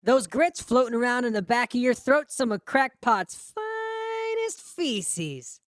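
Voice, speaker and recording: A crude, dim-witted grown son, voiced by a woman, spits out mocking taunts in a high, pushed voice. The audiobook character is vengeful and loud, recorded dry and close. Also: steady tone, moderate pace, no echo, lightly acted.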